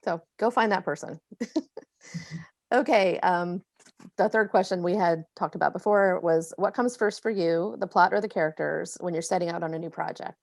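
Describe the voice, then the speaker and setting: A woman from Florida moderating a casual panel of authors, chatty and quick to laugh as she tells stories. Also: fairly low pitch, creaky, no room sound, clean studio sound. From Florida, USA. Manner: chatty, laughing, animated storyteller.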